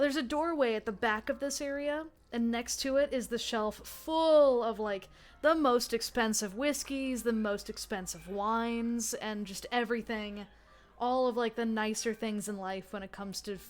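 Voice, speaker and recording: A woman's voice: on the high side, unhurried, soft background music. A woman running a tabletop role-play game as game master, narrating in a chatty way full of fillers and restarts. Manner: chatty, lots of fillers and self-corrections.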